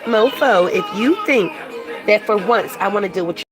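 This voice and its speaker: A woman's voice: mid-range voice, normal speed, music in the background, a crowd in the background. An older woman vlogging at home, telling stories to the camera in a chatty, dramatic way and acting out what people said. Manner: dramatic, chatty, acts out quotes. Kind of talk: casual storytelling to camera. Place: home living room.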